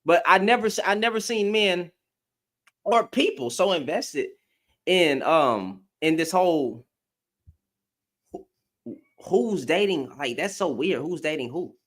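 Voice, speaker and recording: A man's voice: fairly high pitch, expressive, a little slow, long pauses, fairly bright tone. A man giving a blunt, profane opinion rant to camera, firing off rhetorical questions as a commentary vlogger.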